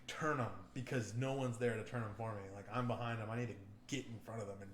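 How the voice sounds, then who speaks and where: A man's voice: medium pitch, steady tone, fast talker, a little hiss or hum. A man co-hosting a podcast, telling a rambling, profane story in casual chat. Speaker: podcast co-host. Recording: echoey room.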